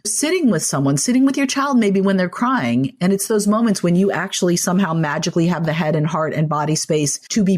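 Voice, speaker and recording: Woman guest expert, slightly low voice, warm reassuring talk, conversational podcast interview. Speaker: guest author and clinical social worker.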